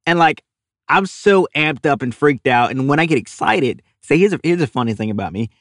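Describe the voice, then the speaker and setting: A man's voice: on the high side, animated, a little fast, a bit bright, no echo. A young man from with a drawl tells a story as an interview guest. He acts out the other people in it, laughing as he goes. His voice sounds close and dry, with no room sound. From Louisiana. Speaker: guest, animal caller.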